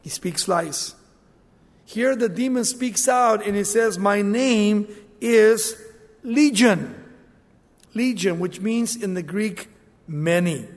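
A man preaching a sermon, dramatic and animated, acting out the voices in the passages he quotes. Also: sits high, slightly rough, in a large hall.

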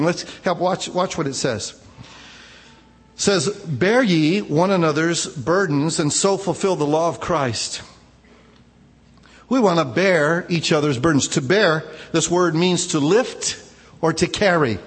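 A man's voice: fairly high pitch, unhurried, slightly rough, long reverb tail. A male pastor preaching a conversational sermon, telling personal stories in a casual, informal way. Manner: informal, personal storytelling, frequent "man" asides.

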